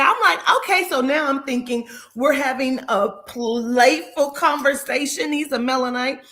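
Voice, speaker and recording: A woman telling a story in casual chat, animated and profane, acting out the dialogue. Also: high voice, moderate pace, few pauses. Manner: animated, profane, acts out dialogue in shifting voices.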